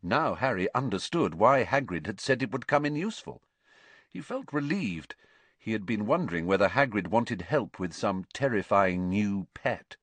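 Deep-voiced man narrating an audiobook with animated delivery. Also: normal speed, no echo. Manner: animated, theatrical storytelling.

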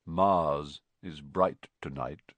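A man voicing a solemn, cryptic male centaur with a deep, sorrowful voice, speaking slowly and gravely in a storybook reading. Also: fairly bright tone, dry recording, heavily acted. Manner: slow, grave, evasive.

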